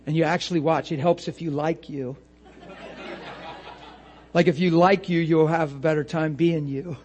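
A man preaching a lively sermon, laughing often and acting out little voices to make his points. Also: fairly high pitch, moderate pace, a faint crowd.

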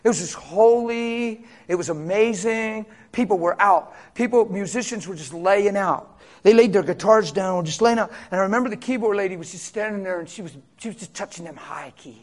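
A man preaching a sermon as pastor, swinging from hushed storytelling to loud, fervent shouting. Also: high voice, fairly quick.

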